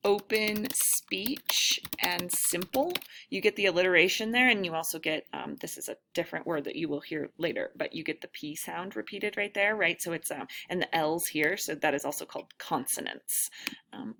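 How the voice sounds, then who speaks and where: A writing instructor gives a casual recorded lecture, thinking aloud with plenty of fillers and self-deprecating asides. Her voice is lowish and creaky, with background noise present.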